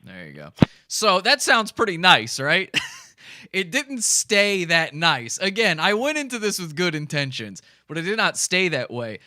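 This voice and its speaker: A man's voice: sits high, sing-song, measured pace, bright, forceful tone, dry recording, studio quality. A man hosting a live stream, commenting casually and animatedly, often laughing between lines.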